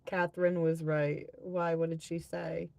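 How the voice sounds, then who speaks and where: A woman's voice: deep voice, little pitch movement, measured pace, gravelly, a little mellow. A woman hosting a live tarot-reading stream, chatting casually with viewers, reading out their comments and swearing freely.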